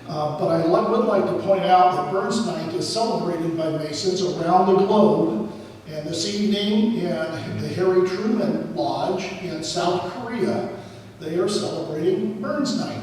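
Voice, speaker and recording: A high-pitched Southern man, heard from across a big echoing lodge hall, gives a slow, folksy, rambling talk full of little fillers. The long reverb keeps his words hanging in the room. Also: a little mellow, slight background noise. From American South. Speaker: speaker at a Masonic lodge dinner. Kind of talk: speech and sung poem recital. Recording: roomy hall, voice from far off.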